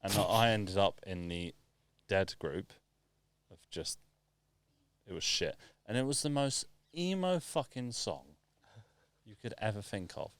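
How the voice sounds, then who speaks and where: A man co-hosting a podcast, telling stories in an animated, sweary way. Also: on the low side, unhurried, smooth, no echo. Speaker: podcast co-host. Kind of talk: casual chat.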